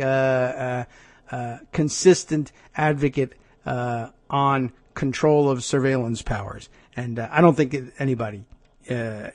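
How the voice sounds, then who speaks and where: A man's voice: on the high side, dry recording. A man hosting a radio talk show, reading news aloud with wry, sarcastic asides into a studio microphone.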